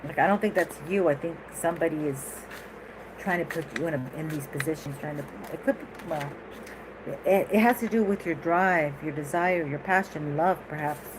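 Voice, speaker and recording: A woman's voice: sits low, moderate pace, background noise. A woman giving a casual tarot reading in a chatty, rambling way, laughing often and going off on asides. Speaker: tarot reader.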